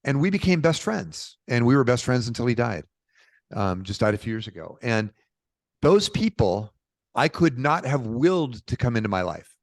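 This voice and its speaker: Animated middle-aged man, dry sound. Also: mid-range voice, normal speed, no echo. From Portland, Oregon, USA. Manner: animated, informal, peppered with "dude" and "bro". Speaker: podcast guest. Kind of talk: casual conversational storytelling.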